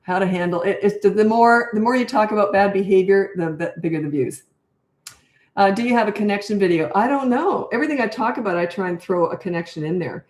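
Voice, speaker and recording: A woman's voice: medium pitch, fast, a little mellow, echoey room. An older woman, a parenting coach, answering viewer questions in a casual live Q&A, blunt and off-the-cuff, thinking aloud as she goes.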